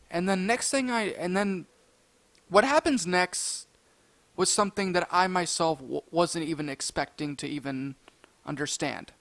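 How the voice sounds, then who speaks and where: A man telling a casual storytime tale, animated and excitable, breaking into loud high outbursts.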